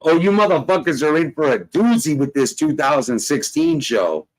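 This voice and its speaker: A man's voice: fairly high pitch, expressive, moderate pace, rough recording. Brash New man, cursing banter. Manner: loud, swaggering, curses constantly and laughs often. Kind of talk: profane casual banter on a live audio chat.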